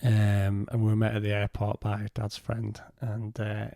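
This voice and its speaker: Low, gravelly man telling a story. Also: completely flat delivery, mellow, dry recording, clean studio sound. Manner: halting, retelling conversations in his own words. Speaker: podcast guest. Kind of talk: personal storytelling in conversation.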